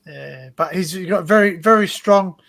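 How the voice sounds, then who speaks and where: Male host, Australian accent, high-set voice, chatty and rambling with laughs, video call. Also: a little slow, gravelly, fairly bright tone. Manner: rambling, laughing, repeats himself. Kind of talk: casual panel chat on a livestream.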